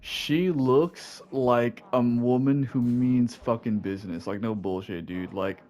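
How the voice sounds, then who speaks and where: A man's voice: mid-range voice, takes it slowly, a little mellow. Laid-back cussing gamer guy. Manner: laid-back, swears a lot, fills talk with "like" and "dude". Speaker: video game player. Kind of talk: casual gameplay commentary.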